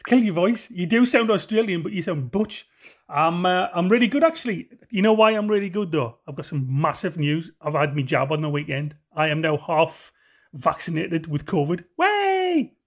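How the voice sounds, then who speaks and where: A man's voice: fairly high pitch, normal speed, slightly rough. A young man with a Sunderland accent, co-hosting a podcast in a chatty, joking way. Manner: chatty, jokey storytelling. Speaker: podcast co-host. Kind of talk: casual chat.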